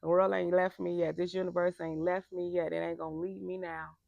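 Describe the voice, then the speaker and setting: A woman life coach giving a passionate motivational talk, emphatic and turning loud and animated when making a point. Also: on the low side, brisk, gravelly, dry recording, lo-fi sound.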